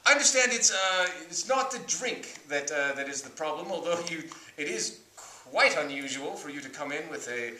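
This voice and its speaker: A man playing an awkward male court-appointed therapist in an improv scene, halting and politely formal. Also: on the high side, expressive, bright, forceful tone. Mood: hesitant. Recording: roomy, distant mic.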